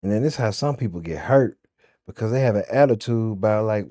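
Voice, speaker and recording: A man with a Southern accent from Memphis tells his story in a blunt, profane rant. His voice sits low and has a mellow, dark tone. The sound is dry and close, with no room around it. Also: lively intonation, fast, no echo. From Memphis, USA. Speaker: vlogger.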